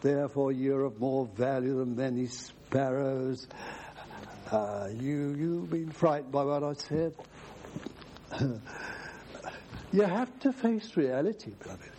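A man's voice: medium pitch, warm tone. A man preaching a sermon, emphatic, quoting scripture at length.

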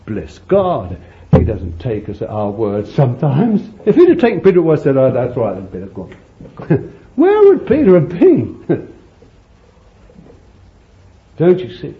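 A man preaching a sermon, calling his listeners beloved, laughing between points and jumping high when he voices prayers and pleas. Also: unhurried, pauses often. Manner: animated, jumps to high pitch for quoted pleas. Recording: dull lo-fi old sermon tape with faint hiss.

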